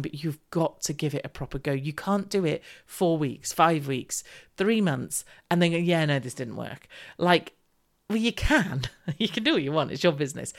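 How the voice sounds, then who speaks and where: A middle-aged woman, hosting a solo podcast as a business coach, talking directly and emphatically and repeating her key points. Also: low-pitched.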